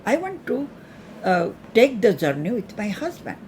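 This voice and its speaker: A young widowed princess, mournful and resolute, pleads in a slow, lilting voice, as a woman storyteller plays her. It sits in a spoken storybook telling with lively pitch. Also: slight background noise. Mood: mournful resolve.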